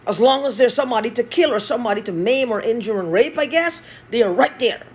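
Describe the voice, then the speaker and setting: A husky woman, in an agitated vlog monologue. Her voice sits fairly high, and she swears and repeats phrases over and over. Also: expressive, fast, a little mellow. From Guyana. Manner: agitated, profane, repeating herself.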